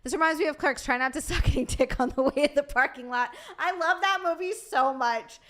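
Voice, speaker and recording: A woman's voice: high-pitched, a little fast, a bit bright. A woman streamer chatting casually with her viewers, scattered and tired from lack of sleep, swearing freely. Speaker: streamer and podcast host. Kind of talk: casual livestream chat, answering viewer donations.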